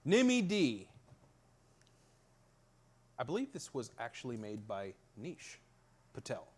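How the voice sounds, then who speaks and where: Lively Pittsburgh-accented man. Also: medium pitch, slow pace, husky. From Western Pennsylvania. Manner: animated storytelling, swears freely. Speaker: talk show host. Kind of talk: casual chat.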